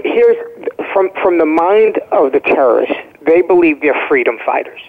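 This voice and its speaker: A man's voice: on the high side, gravelly. A man, a guest telling stories over the phone in an emphatic way and often checking in with "okay?". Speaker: guest, former first responder. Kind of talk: phone-in interview storytelling. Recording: tinny phone line.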